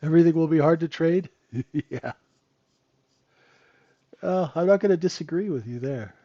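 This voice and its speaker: A trading instructor runs a live trading room, walking through charts in a relaxed, teaching way and fielding viewer questions as they come in. His voice sits on the high side and sounds animated at a normal speed, with the highs cut off. He keeps it conversational and often tosses in a rhetorical "right?".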